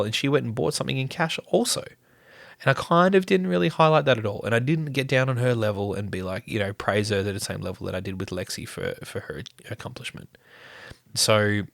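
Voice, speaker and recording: A man, telling a story in a loose, rambling way. His voice sits low and the sound is dry and close, with no room around it. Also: creaky, fairly bright tone, no echo. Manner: chatty, rambling, many fillers and restarts. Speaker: family vlogger, father. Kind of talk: casual storytelling.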